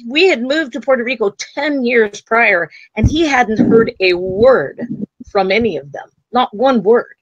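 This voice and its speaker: Animated woman storyteller, psychic-medium guest, dry and slightly muffled. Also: a little high, measured pace, husky, no room sound. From United States. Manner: animated storytelling, acts out quoted voices. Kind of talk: storytelling in an interview.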